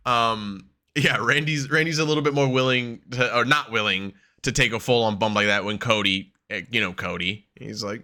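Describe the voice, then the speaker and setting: A man's voice: medium pitch, steady tone, moderate pace, bright, forceful tone. A man co-hosting a wrestling podcast, chatting casually, swearing freely and laughing often as he acts out quotes. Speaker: podcast co-host.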